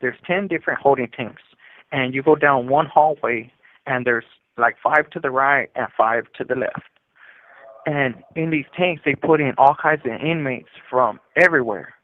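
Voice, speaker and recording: A man's voice: medium pitch, moderate pace. Man telling his story over a tinny prison phone. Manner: rambling, full of fillers and acted-out quotes. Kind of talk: casual storytelling.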